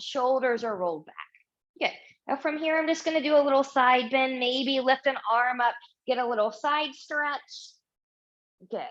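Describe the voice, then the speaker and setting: A woman's voice: a little high, a bit bright, muffled recording. A woman teaching a Pilates mat class, guiding movements and saying "good" often to encourage. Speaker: Pilates instructor. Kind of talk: guided exercise class instruction.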